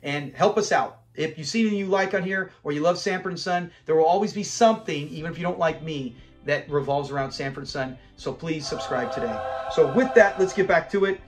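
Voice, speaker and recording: A man with a slightly higher-pitched voice hosts a fan channel and talks through an old sitcom episode in a loose, chatty way. He retells the scenes with plenty of energy, acting out bits of dialogue and laughing along, while soft music plays faintly in the background. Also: brisk, hardly any pauses. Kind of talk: casual episode recap commentary.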